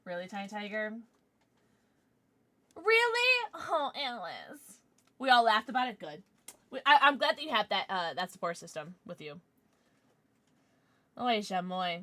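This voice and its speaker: A woman's voice: medium pitch, lively intonation, a little fast, long pauses, fairly bright tone, no echo. A young adult woman streaming live, chatting passionately with her chat and swearing freely.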